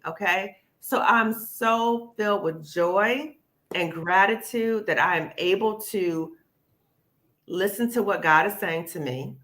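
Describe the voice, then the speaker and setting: A woman hosts a live panel discussion over a video call. Her voice is bright and forward, and she talks in an emphatic, encouraging way. She keeps checking in with "okay?" and calls the listener "sis". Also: medium pitch, slow pace. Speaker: host.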